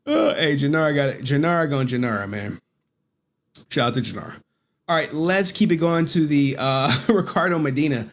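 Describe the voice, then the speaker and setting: A male streamer with a somewhat high voice chats loosely about clips, repeating himself and rambling. He keeps dissolving into giggling fits. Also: normal speed. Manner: giggly, breaks into frequent laughter. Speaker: streamer host. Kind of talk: casual commentary on clips.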